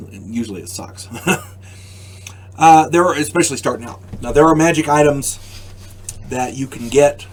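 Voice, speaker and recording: An older man hosting his own channel, explaining a game rule to camera in a casual, halting way, often repeating words and adding wry asides. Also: medium pitch, slight background noise. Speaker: channel host.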